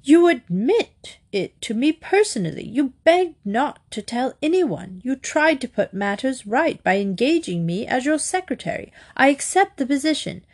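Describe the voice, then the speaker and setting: A woman's voice: high-pitched, sing-song, normal speed, few pauses, voice pushed up, exaggerated voice. A woman voicing a bitter, pompous male secretary. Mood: indignant. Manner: bitter, clipped.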